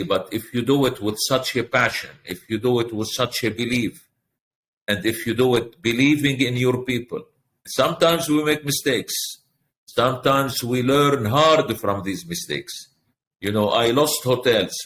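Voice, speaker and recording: A man's voice: on the low side, fairly bright tone, slight background noise. A middle-aged man, a hotel group president, answering in a podcast interview with earnest, repetitive, speech-like phrasing.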